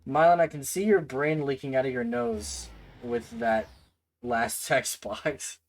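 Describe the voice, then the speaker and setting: Lively, joking male streamer. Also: a little high, unhurried. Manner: joking, laughing, talks to chat. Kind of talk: casual gaming commentary.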